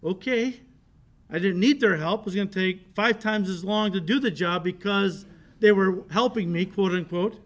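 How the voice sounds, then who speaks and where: A middle-aged man, a pastor, preaching a sermon and telling a story with lively swings from loud to quiet. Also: high-pitched, moderate pace. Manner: storytelling with animated shifts in volume, laughing.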